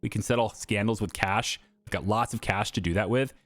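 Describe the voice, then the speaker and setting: A man hosting a gameplay video, chatting casually and thinking out loud with lots of fillers. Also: lowish voice, brisk, dry recording.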